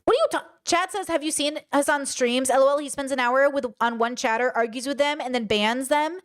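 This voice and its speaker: High-pitched blunt woman streamer. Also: fairly quick. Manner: blunt, swearing, animated rants. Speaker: commentary streamer reacting to clips. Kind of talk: casual reaction commentary.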